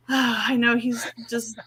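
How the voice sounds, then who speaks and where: A woman chatting casually on a live stream, relaxed and quick to laugh. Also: a little high, a little hiss or hum. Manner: laughs easily, relaxed unhurried talk.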